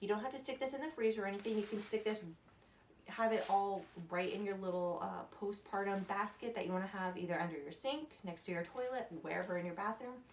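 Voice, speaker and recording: A woman's voice: medium pitch, fast, a little hiss or hum. A young woman vlogging casual advice, chatty and rambling, laughing at herself. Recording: echoey room, a little distant.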